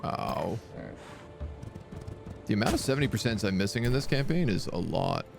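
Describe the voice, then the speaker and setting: A casual male streamer commenting on a fantasy strategy game. His mid-range voice moves lively up and down as he reads out game text. Faint music runs behind him. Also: fairly low pitch, moderate pace, gravelly. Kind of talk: live gameplay commentary.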